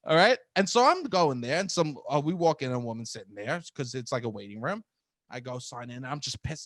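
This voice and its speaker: A man co-hosting a podcast, telling profane, animated stories about auditions and laughing often. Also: medium pitch, fairly quick, dry recording, clean studio sound. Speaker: podcast co-host, comedian. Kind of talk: casual storytelling chat.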